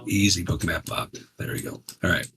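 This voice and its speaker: A man's voice: deep voice, fairly even intonation, moderate pace, a crowd in the background. A man teaching futures trading while he trades live, talking casually and emphatically, often checking in with "right?". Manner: conversational, emphatic, repeats "right?".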